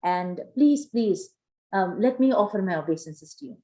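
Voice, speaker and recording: Woman doing a reverent old sage in a retold legend, eager and a little louder. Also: mid-range voice, animated, moderate pace, close to an everyday voice.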